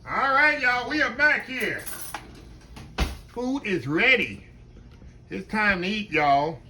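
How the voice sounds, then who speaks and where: A man hosts a home cooking vlog, chatting with his viewers and calling them "y'all." His voice sits a little high and rings bright and forceful. He speaks to a camera on a tripod in his kitchen, with a faint hum of room noise behind him. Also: animated, takes it slowly. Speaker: cooking channel host.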